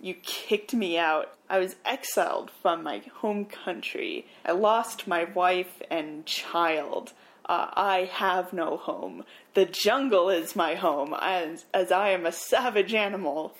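A woman's voice: fairly low pitch, takes it slowly. A woman voicing an exiled male mad scientist during a movie recap, brooding and grim. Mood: bitter.

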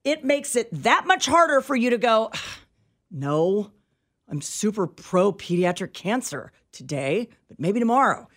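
Radio co-host, woman, middle-aged, animated storyteller with an exasperated edge. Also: medium pitch, a little slow. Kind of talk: casual talk radio chat. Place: radio studio.

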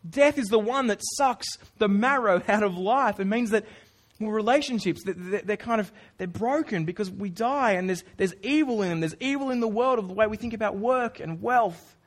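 A man preaching a sermon in a casual, earnest way, with informal asides to the congregation. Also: sits high. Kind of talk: conversational sermon.

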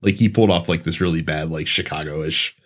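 A man's voice: rumbling low, steady tone, brisk. A man hosting a casual gaming podcast, asking his co-host questions and laughing easily. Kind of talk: casual chat.

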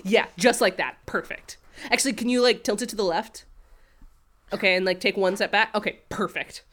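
A woman in casual conversation as a podcast co-host, her speech studded with "like" and easy laughter. She sits at a middle pitch and talks in a loose, friendly recap style. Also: moderate pace, fairly bright tone. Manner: chatty, leans on "like" constantly, laughs easily. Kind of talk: casual chat.

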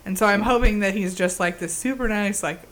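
A woman's voice: mid-range voice, fairly quick, fairly bright tone. A woman co-hosting a podcast in casual chat, talking eagerly and laughing often. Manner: chatty, enthusiastic, frequent laughter. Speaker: podcast co-host.

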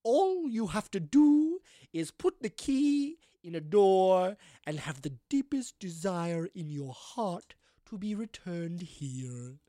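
A solemn ghost medium speaks in a high, airy voice, drawing every word out slowly, as a woman puts her on. The game-table voice swoops well above her ordinary register and sounds dry and close. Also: big pitch swings, mellow, dry recording. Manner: slow, drawn-out, high mystical delivery. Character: eerie ghostly female medium, solemn and otherworldly.

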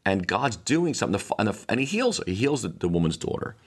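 A man's voice: lowish voice, big pitch swings, quick pace, husky. A man, older, speaking as a pastor and podcast host in a reflective teaching monologue, wandering through asides and restarts. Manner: rambling, many restarts and asides.

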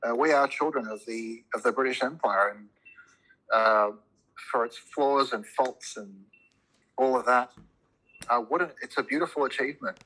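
A Commonwealth-country immigrant argues strong views on a loose podcast, rambling with many restarts and swearing freely as he gets worked up. His bright, forward, slightly husky mid-range voice moves at normal speed with long pauses, and the recording is rough.

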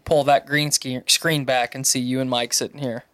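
A man's voice: medium pitch, little pitch movement, normal speed, a bit bright. A man co-hosting a podcast, chatting in a playful, rambling way. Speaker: podcast host. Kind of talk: casual podcast chat.

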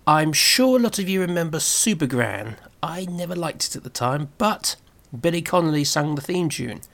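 A man presenting a scripted review of old television, speaking in a measured way with wry asides. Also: a little high, expressive, creaky, a bit bright. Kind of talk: scripted narration.

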